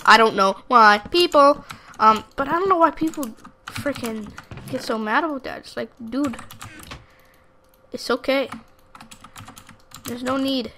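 A woman rambles through live gameplay commentary in a bright, sharp voice that sits a little high. She flits between chatting to her viewers and heckling opponents, with faint clicking from a keyboard behind her. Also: measured pace, long pauses, a little hiss or hum. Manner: rambling, excitable, talks to the audience and at opponents. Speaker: gaming YouTuber.

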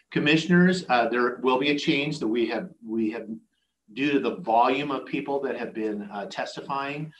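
Man, board chair, procedural, halting with fillers, echoey meeting room, faint noise. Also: medium pitch, fairly bright tone.

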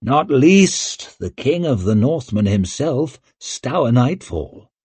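A man voicing a smooth, scheming male nobleman who talks in a persuasive, calculating way. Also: mid-range voice, very animated, slow pace, darkish tone, no room sound, voice pushed up, exaggerated voice.

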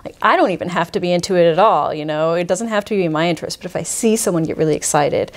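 A woman's voice: lowish voice, quick pace. A woman who deals in rare books, talking enthusiastically and thoughtfully in an interview. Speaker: rare book dealer, guest. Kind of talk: conversational interview.

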